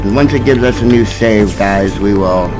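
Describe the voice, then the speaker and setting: A man giving gameplay commentary, frustrated and swearing at the game, with sudden yelled bursts. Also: moderate pace, over music, low-quality recording. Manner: yelling in sudden high bursts. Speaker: gaming YouTuber.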